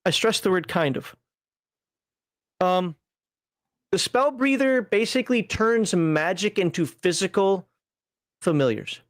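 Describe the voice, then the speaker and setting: A man co-hosting a relaxed tabletop gaming talk show, rambling with frequent laughs and fillers. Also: high-pitched, a little slow, pauses often, no echo, studio quality. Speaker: podcast co-host reviewing a tabletop magazine. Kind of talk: casual chat.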